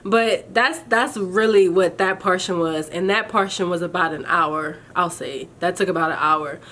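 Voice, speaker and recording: A young woman vlogging, telling her viewers a story in a chatty, animated, colloquial way and calling them y'all. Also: fairly low pitch, normal speed. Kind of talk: casual storytelling to camera.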